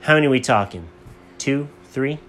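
A relaxed, friendly cat shopkeeper, as a dad puts him on in a made-up bedtime story. He talks in an easy, chummy drawl with a lively swing. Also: medium pitch, moderate pace, slight background noise, natural voice. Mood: laid-back. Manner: easygoing, calls everyone man. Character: laid-back helpful male cat shopkeeper.

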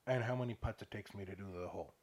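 A man's voice: lowish voice, rapid-fire, a little mellow. A young man telling a rambling, profane story in casual chat, ranting with laughs.

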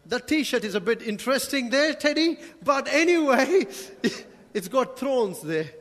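This is a man preaching: a pastor in a church hall who quizzes his congregation with rhetorical questions and slips in jokes. His very high-pitched voice is a bit bright, lively in intonation and unhurried, and the recording carries a long hall reverb.

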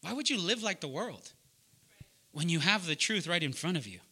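A man preaching loudly and emphatically to young adults, often asking the room to fill in words. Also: fairly high pitch, sing-song, normal speed, breathy edge. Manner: loud, emphatic, asks the room questions. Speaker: pastor teaching young adults. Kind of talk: sermon.

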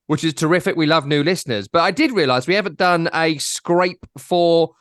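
A man's voice: fairly high pitch, normal speed, a bit bright, dry recording, clean studio sound. A man hosting a podcast, rambling and teasing his co-host in casual chat.

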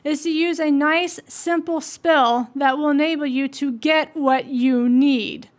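Gruff grizzled old wizard, growling, blunt, woman reading aloud, high voice. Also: fairly even intonation, unhurried.

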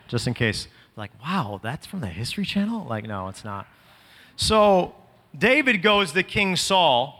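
A man delivering a sermon with a bright, forceful edge in a slightly raised register. He climbs into impassioned shouting and then settles into casual, chatty asides. His voice rings out with the long reverb of a big hall. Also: a little high. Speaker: preacher.

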